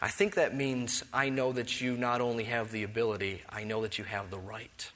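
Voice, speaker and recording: Bright-voiced emphatic male preacher. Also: mid-range voice, flat delivery, normal speed, a little hiss or hum. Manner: emphatic, rising to loud rhetorical questions; drops to soft reflective tone. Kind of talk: expository sermon.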